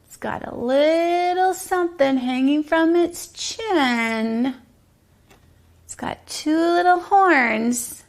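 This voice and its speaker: Slow, high, sing-song preschool teacher woman. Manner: slow, sing-song, drops to whispers for guessing games. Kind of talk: preschool circle time.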